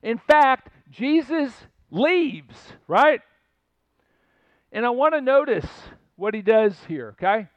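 Older male pastor, high voice, chatty sermon with asides; dry, slightly dull recording. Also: sing-song, slow, dry recording. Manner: conversational storytelling with asides and rhetorical questions.

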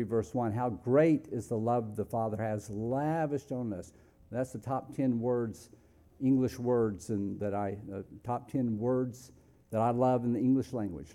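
Male preacher, unhurried sermon delivery, very dark mellow tone, big swings from loud emphasis to near-whispers. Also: mid-range voice.

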